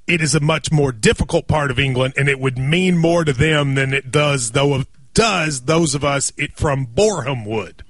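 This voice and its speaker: A man in his forties hosting a sports radio show in casual banter, chatty and quick to laugh at himself. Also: mid-range voice, fairly bright tone, no room sound.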